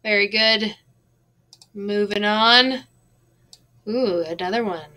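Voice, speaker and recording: Woman, teacher, recorded lesson, patient, slow and deliberate, bright voice. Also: medium pitch. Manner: slow, patient, drawing out words to count syllables.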